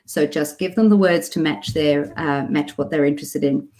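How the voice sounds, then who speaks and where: Woman, Australian accent, speech therapist, informative talk to parents, lowish voice, clear practical explaining. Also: moderate pace, darkish tone.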